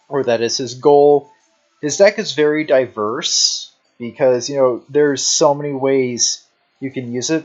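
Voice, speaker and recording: Sleepy guy rambling slow with tons of "you know", muffled cheap mic sound. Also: mid-range voice, a little mellow. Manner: unhurried, drawn-out delivery. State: sleepy, yawning. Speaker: deck showcase narrator. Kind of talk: casual rambling commentary.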